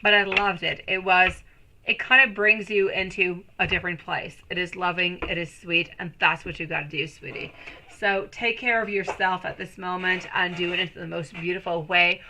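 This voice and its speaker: A woman's voice: lowish voice, normal speed, a little hiss or hum, low-quality recording. A woman in her thirties reading tarot on a live stream, chatting affectionately with viewers and calling them sweetie and my lovely. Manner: gushing, excited bursts. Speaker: tarot reader.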